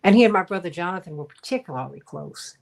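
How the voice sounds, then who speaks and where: A woman hosts a radio talk panel, her voice sitting somewhat low for a woman. She talks in a loose, emphatic storytelling way, circling back and repeating herself as she goes. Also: expressive, fast talker, gravelly. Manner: warm storytelling, emphatic and rambling. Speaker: radio talk show host.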